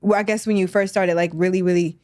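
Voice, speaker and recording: A woman's voice: lowish voice, steady tone, quick pace, darkish tone, no room sound, studio quality. A woman hosting a casual interview, playful and encouraging, often cutting in with reactions. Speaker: podcast host.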